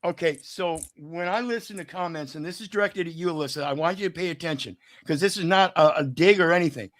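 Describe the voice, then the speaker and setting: A man's voice: fairly high pitch, fast talker, fairly bright tone, no room sound. A man hosting a live panel stream, firmly trying to take back the floor and speaking to his audience. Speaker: host.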